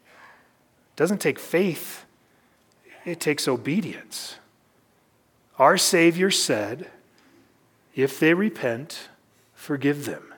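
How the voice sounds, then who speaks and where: A man preaching a sermon in a relaxed, conversational teaching style, working through a scripture passage. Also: a little high, drawn-out words, long pauses, slightly rough. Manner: conversational teaching, reads scripture aloud, varied pacing. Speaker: pastor. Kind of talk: expository sermon.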